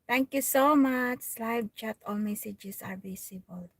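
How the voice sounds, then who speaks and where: A woman with a Filipino accent chatting on a live stream from inside a parked car, soft-spoken and often dropping to a near whisper. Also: on the high side, unhurried, breathy edge, no echo. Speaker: vlogger hosting a live stream. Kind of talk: casual live-stream chat with viewers.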